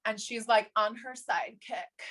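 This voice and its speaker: A woman in her thirties, a podcast guest telling stories in casual conversation, animated, laughing often and acting out what others said. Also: a little high, a little slow. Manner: animated, laughs often, acts out quoted voices. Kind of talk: casual interview storytelling.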